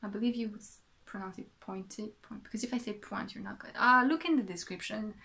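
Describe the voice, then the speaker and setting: A woman's voice: mid-range voice, animated, fast talker, creaky, pushed and bright. A woman from France with a French accent, chatting casually as a podcast host, rambling and correcting herself as she goes. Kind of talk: casual show-and-tell chat.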